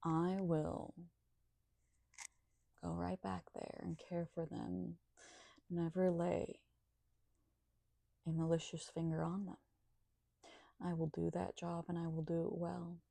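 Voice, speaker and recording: A woman's voice: on the low side, monotone, takes it slowly, creaky, pauses often, dark tone, dry recording. A woman talking in a casual monologue, sardonic and profane.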